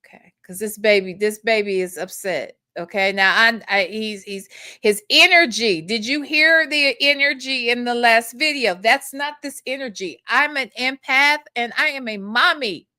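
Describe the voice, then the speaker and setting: A woman with a highish voice hosts a casual livestream, going through chat comments at normal speed with a pushed, bright delivery. She keeps repeating herself, cursing and ending lines with "okay?". The recording is dry and studio quality.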